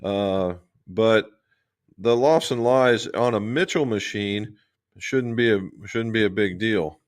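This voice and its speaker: Speaking slowly in a voice on the low side, a man runs a laid-back golf livestream, swapping folksy tales from his club-fitting shop and chatting through viewer questions.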